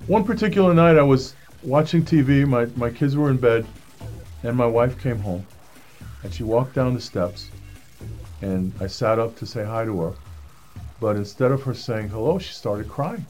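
A man's voice: mid-range voice, normal speed, a little mellow, faint music behind. Earnest man telling his testimony. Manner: earnest, acts out the voices of people he quotes. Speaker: speaker giving a personal testimony. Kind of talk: personal testimony storytelling.

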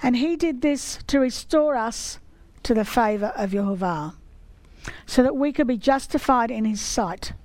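A woman giving a sermon, reading scripture in a slow, measured way. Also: fairly high pitch, darkish tone, dry recording, poor audio. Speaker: teacher of scripture.

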